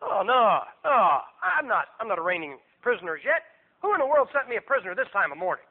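A man puts on a sleepy, self-important king who grumbles about being dragged out of bed and then turns gushing and fawning. The voice sits high and whiny. It comes through a thin, tinny, phone-like recording. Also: very animated, fairly quick, slightly rough, exaggerated voice. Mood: groggy grumbling. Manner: groggy, complaining, then fawning.

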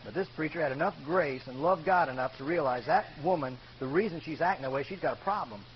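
A male pastor preaching emphatically, calling out "amen" to the congregation and swinging from loud to hushed. The recording is dull and lo-fi, with a faint hum. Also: fairly high pitch, quick pace. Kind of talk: sermon.

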